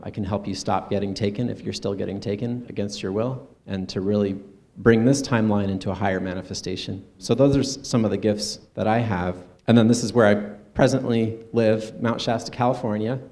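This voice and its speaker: A man speaking earnestly at a conference, in a conversational presentation with soft asides. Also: lowish voice, steady tone, fairly quick. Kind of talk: personal stage presentation. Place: conference stage.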